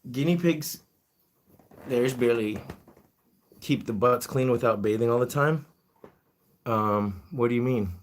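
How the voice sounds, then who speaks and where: A man's voice: medium pitch, unhurried, pauses often. A man hosting a casual live-stream chat, reading viewer comments and talking to his guinea pigs. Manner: chatty, reads comments aloud, talks to his pets.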